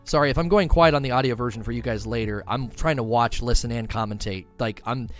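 A man commentating live on a stream, excitable, with quick bursts of enthusiasm and fillers. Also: medium pitch, soft background music.

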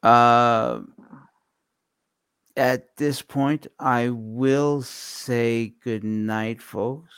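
A man co-hosting a casual podcast, talking with many fillers and pauses. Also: medium pitch, steady tone, a bit bright, smooth, no room sound, clean studio sound. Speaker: podcast co-host.

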